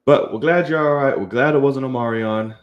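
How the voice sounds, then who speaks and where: A man's voice: medium pitch, fairly quick, muffled recording. A young man hosting a casual film podcast, hyping the channel, chatting loosely and swearing freely. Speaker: podcast host. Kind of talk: casual chat.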